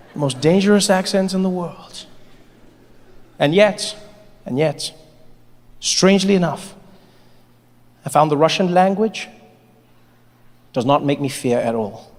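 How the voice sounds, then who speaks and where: A man's voice: sits high, unhurried, pauses often, some chatter behind. A man performing stand-up comedy, telling stories animatedly and speaking to the audience. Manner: animated storytelling, addressing the audience. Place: comedy stage in a large hall. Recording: large hall with live audience.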